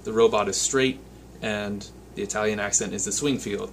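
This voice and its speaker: A man's voice: fairly low pitch, steady tone, normal speed, slight background noise. A man giving a guitar lesson, patiently explaining step by step and counting picking strokes aloud as he plays. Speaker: guitar teacher. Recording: loud guitar playing behind the voice. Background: his own guitar playing.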